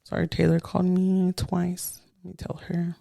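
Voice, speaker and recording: A woman's voice: lowish voice, moderate pace, gravelly, no room sound, studio quality. A woman co-hosting a podcast, telling stories in casual chat and acting out the quotes. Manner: animated storyteller, acts out quotes. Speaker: podcast co-host.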